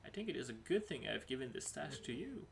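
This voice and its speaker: A man's voice: medium pitch, big pitch swings, fast talker, gravelly, a little hiss or hum. A man voicing an earnest adult male village swordsman, reading the game lines in a formal, solemn way.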